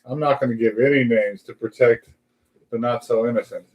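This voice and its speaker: A man's voice: mid-range voice, fairly quick, low-quality recording. A man hosting a casual live talk show, telling a long anecdote and acting out the voices of people in it. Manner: animated anecdote teller, acts out quoted voices. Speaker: podcast host. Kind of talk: casual chat, storytelling.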